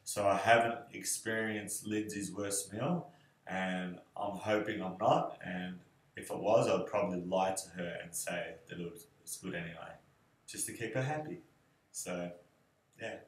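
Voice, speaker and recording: A young man answering questions about his fiancée in a relaxed, rambling way, with many fillers. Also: sits low, unhurried. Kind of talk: casual video answers. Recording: echoey room.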